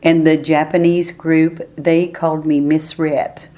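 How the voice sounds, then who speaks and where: Older female interviewee, low-pitched, easygoing storyteller who laughs readily. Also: level tone, measured pace, warm tone. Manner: chatty, laughs often while telling stories. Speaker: oral history interviewee. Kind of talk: relaxed storytelling.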